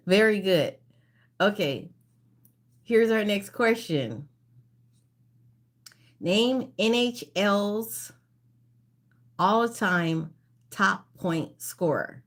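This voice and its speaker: Woman quiz host on a casual live stream. Unhurried reads, repeats each question. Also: mid-range voice, animated. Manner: reads questions slowly and repeats them, greets viewers by name. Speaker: livestream trivia host.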